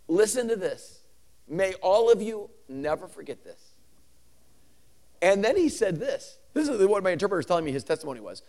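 A male preacher delivering a sermon with a high voice that leaps across a wide range. He swings from shouted lines to quiet asides and laughs between points. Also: fairly quick. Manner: animated, swings from shouting to hushed.

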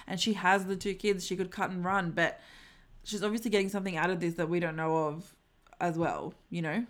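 A woman's voice: fairly low pitch, fairly even intonation, fairly quick. A young woman co-hosting a podcast, chatting casually about reality TV, laughing often and swearing freely. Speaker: podcast co-host.

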